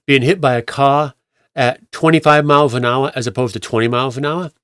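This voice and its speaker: A man putting on a shrill, nagging busybody woman. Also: steady tone, fairly quick, fairly bright tone, clean tone, dry recording, clean studio sound, close to an everyday voice. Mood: shrill scolding. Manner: indignant, nagging. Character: shrill bossy middle-aged woman scolding strangers.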